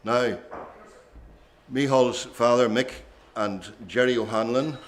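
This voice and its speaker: A man's voice: medium pitch, takes it slowly. An older man, telling rambling stories between songs at a traditional singing session. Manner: chatty, rambling reminiscence with asides. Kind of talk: relaxed storytelling at a singing session.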